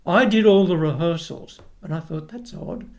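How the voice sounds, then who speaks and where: An older Australian man with a gravelly, creaky edge to a slightly high voice. He tells long, wandering stories in a relaxed interview, doubling back and restarting as he goes, and slips into the voices of the people he remembers. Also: normal speed. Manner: rambling anecdotes with restarts, acts out quoted voices. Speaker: guest, retired opera tenor. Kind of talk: casual storytelling interview.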